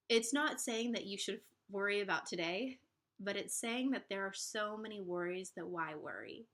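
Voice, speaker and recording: A woman's voice: medium pitch, expressive, moderate pace, fairly bright tone. A young woman in her twenties talking earnestly to camera in a casual vlog, encouraging and reassuring, with frequent fillers and restarts. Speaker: vlogger giving relationship advice.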